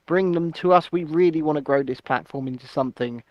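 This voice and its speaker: A man co-hosts a casual, irreverent news chat. His voice sits high for a man and sounds dry and close. He keeps it playful and often breaks into silly impressions. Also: brisk, dry recording, lo-fi sound. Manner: jokey, breaks into silly put-on voices and snatches of song. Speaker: co-host.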